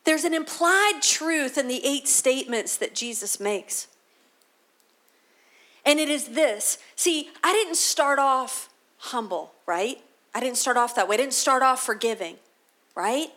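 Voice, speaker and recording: A woman's voice: high voice, animated, unhurried, fairly bright tone. A woman pastor giving a conversational sermon, often restarting her sentences. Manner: conversational preaching with repeated restarts.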